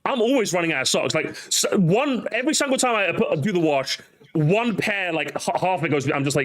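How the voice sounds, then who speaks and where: A young man hosting a casual chat, animated and slangy, swearing freely. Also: high voice, brisk. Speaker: podcast host.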